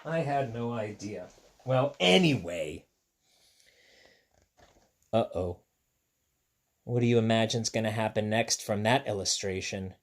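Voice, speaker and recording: A man's voice: on the low side, measured pace, pauses often. Playful man reading a picture book to kids. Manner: playful, animated asides to young listeners. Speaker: children's story reader. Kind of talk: picture-book read-aloud for children.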